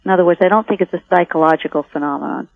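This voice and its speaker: A woman's voice: on the low side, racing, vocal fry. Reflective woman on a phone line. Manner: reflective, with many restarts. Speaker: documentary filmmaker, guest. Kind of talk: interview answers. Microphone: telephone.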